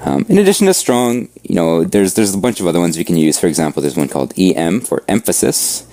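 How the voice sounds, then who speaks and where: A man teaching a coding class over a screen share, explaining at a relaxed pace and checking in with "right?". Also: low-pitched, fast talker, no room sound. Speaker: coding instructor.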